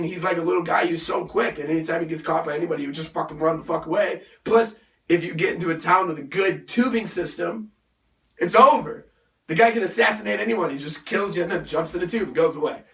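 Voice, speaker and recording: A male show host with a hoarse, raspy voice from a lost voice, chatting and joking through a casual gaming interview. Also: a little high, a bit bright. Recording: echoey room, distant mic.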